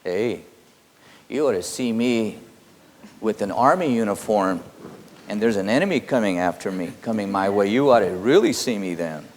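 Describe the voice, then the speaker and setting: A man giving a spiritual teaching, halting with many fillers and quietly intense. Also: lowish voice, expressive. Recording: long hall reverb.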